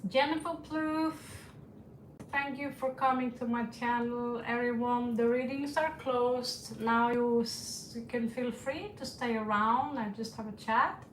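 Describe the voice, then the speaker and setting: Slow, rambling Norwegian-accented woman, echoey. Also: on the high side, steady tone, slight background noise. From Norway. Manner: rambling, chuckling, swears casually. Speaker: tarot reader. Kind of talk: casual livestream chat. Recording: echoey room, distant from mic.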